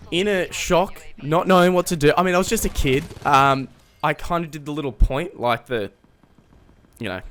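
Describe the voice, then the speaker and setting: Young male vlogger, mid-pitch voice, rambling comic anecdote. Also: fairly bright tone. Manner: rambling, self-mocking, chuckles mid-sentence. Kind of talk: casual comedic storytelling.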